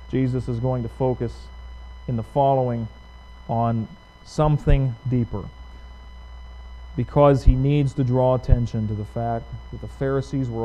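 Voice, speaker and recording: A man's voice: medium pitch, a little mellow, low-quality recording. A male pastor preaching a sermon in a conversational way, putting questions to his congregation. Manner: conversational, asks the audience questions.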